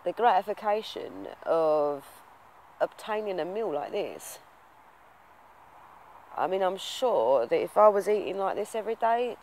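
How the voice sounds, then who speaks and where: A man's voice: sits high, very animated, unhurried, long pauses, darkish tone, a little hiss or hum, low-quality recording. A man talking casually to the camera in a vlog, rambling and waffling with lots of fillers in a reflective, earnest way. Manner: rambling, self-confessed waffler, many fillers. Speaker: vlogger.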